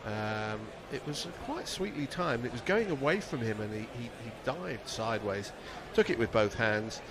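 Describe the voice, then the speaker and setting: A man's voice: medium pitch, expressive, moderate pace, noisy background. A man giving live cricket commentary on the radio in a chatty, wry way, with fillers and restarts.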